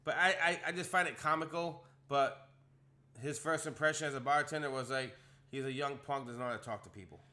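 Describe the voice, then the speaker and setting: A young man telling a story on a casual podcast, animated, acting out the quotes in a rising voice. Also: medium pitch, fairly quick.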